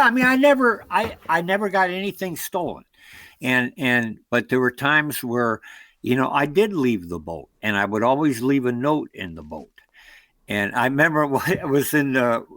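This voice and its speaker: Animated American man telling stories. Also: mid-range voice, no echo. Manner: rambling, animated anecdotes with acted-out quotes. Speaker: guest, long-distance canoeist. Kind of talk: storytelling interview.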